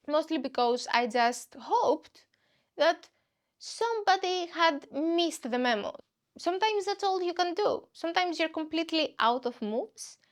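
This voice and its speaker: Woman, high voice, comedic storytelling, animated, podcast host. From Greece. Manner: animated, acts out dialogues with other people.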